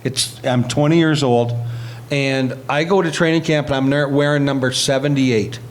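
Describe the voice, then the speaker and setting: A middle-aged man and former hockey player telling lively stories in an interview, acting out other people's lines. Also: medium pitch, normal speed, a little hiss or hum. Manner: animated anecdotes, acts out quoted voices. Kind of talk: storytelling interview.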